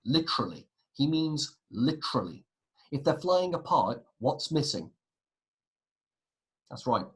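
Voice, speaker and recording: A man's voice: on the high side, very animated, unhurried, poor audio. A man teaching a history lesson, asking his pupils questions and answering them himself. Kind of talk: classroom lesson video.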